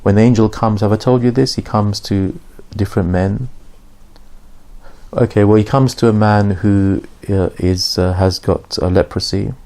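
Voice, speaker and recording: A man's voice: on the low side, steady tone, moderate pace, dark tone. A man giving an informal religious lesson, telling stories conversationally and acting out the dialogue. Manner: conversational storytelling, acts out dialogue with raised voice. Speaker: Islamic teacher.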